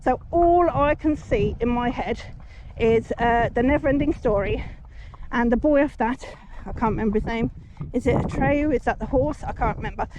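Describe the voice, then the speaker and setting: A woman's voice: fairly high pitch, normal speed. A woman in her forties, chatting casually while riding her horse on a busy road, soothing the horse and thanking passing drivers. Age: 40s. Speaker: horse rider vlogger. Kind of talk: casual story-time chat while riding. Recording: muffled outdoor recording, traffic noise. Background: passing traffic.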